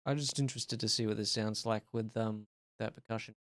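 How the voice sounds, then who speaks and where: A man's voice: lowish voice, fairly even intonation, a little fast. A man casually talking to himself during a live stream as he works on a music track, thinking aloud about edits. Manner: musing aloud while editing a track. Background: music playback.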